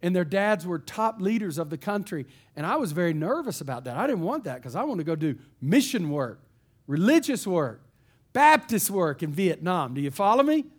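A man from East Texas, a pastor telling a story in a sermon in an animated, folksy way. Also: sits high, normal speed.

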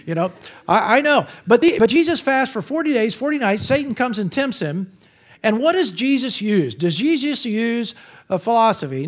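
Speaking at normal speed in a high-pitched voice, a middle-aged campus pastor preaches a sermon to college students. He is animated and jokey, putting on funny voices for the people he mocks.

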